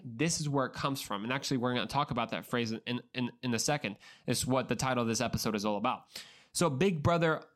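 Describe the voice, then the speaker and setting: A man hosts a solo podcast in a voice of middling pitch. He speaks earnestly and conversationally, addressing the listener directly and often stumbling over and repeating words as he explains. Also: fairly bright tone. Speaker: podcast host.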